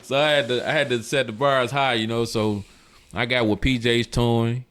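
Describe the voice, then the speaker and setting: A man's voice: normal speed, smooth. A man, a car club president, telling stories in a casual interview and acting out the voices of the people he quotes. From Michigan. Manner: animated, acts out quoted voices with big jumps in pitch.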